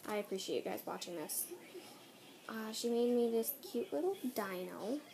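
A woman's voice: on the high side, animated, normal speed, vocal fry, background noise. A teenage girl vlogger chatting casually through an unboxing, bubbly and gushing, giggling often. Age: teens.

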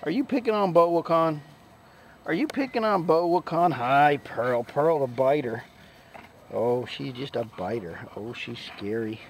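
A man with a slightly high, gravelly voice talks slowly and fondly to the dogs at a rescue kennel, his pitch swinging widely as he slips into high baby-talk. Barking dogs and a faint hum fill the background. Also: animated. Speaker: dog rescue caretaker.

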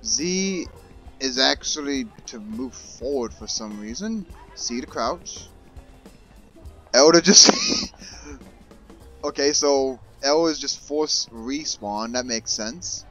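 Excitable man yelling through a let's-play. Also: mid-range voice, takes it slowly, faint music behind. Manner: excitable, yells and swears at game characters. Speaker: gaming YouTuber. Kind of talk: casual let's-play commentary.

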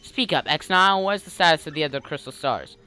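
A woman's voice: low-pitched, fast, pushed and bright. A woman voicing a cold, commanding male villain sorcerer in a video game dub, giving curt orders to an underling.

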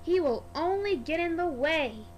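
A woman's voice: very high-pitched, animated, a little slow, highs cut off, a little hiss or hum. A woman voicing a stubborn male tank engine who huffs dismissively. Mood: huffy. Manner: huffy, dismissive.

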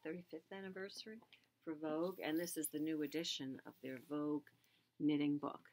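Low-voiced woman, easygoing co-host, meandering with lots of ums. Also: steady tone, brisk, a little mellow. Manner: rambling, searches for words with many fillers. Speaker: yarn shop co-host. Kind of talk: casual chat.

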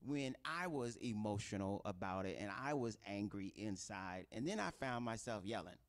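A man's voice: on the low side, moderate pace. A middle-aged man preaching an informal sermon, talking conversationally and acting out quoted voices. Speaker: pastor.

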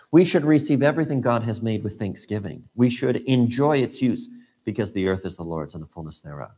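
A man with a slightly husky voice leads a Sunday school lesson. His pitch rises and falls a great deal as he presses his points with rhetorical questions. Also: a little mellow. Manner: earnest, emphatic teaching with rhetorical questions.

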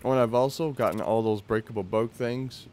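A man's voice: mid-range voice, brisk, darkish tone, a little hiss or hum. A young man hosting a gaming video, chatting casually and reading game text aloud with mocking, laughing asides.

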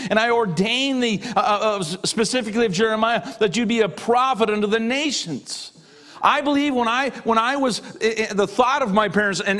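A middle-aged man preaching a sermon, his voice sitting fairly high for a man. He hammers points home by repeating phrases. On the key lines he slows down and drops low. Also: fairly bright tone. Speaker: pastor.

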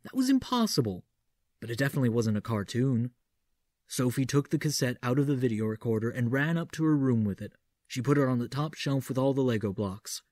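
Audiobook narrator: man, dark mellow voice, theatrical and measured, dry close mic. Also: medium pitch, lively intonation, no room sound. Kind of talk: audiobook reading doing a Vincent Price impression.

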